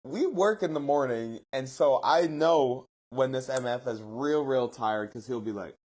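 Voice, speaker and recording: A man's voice: medium pitch, a little slow, a little mellow. A man co-hosting a casual comedy podcast, joking and profane, with a few words pronounced oddly. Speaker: podcast co-host. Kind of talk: casual chat.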